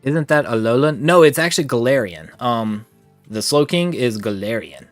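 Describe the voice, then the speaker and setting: Male streamer, conversational and playful, slightly short of breath; dry sound, soft game music behind. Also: medium pitch, expressive, normal speed, no echo. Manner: chatty, reads chat aloud, playful asides. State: a little short of breath from allergies. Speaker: gaming streamer. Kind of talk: casual livestream chat.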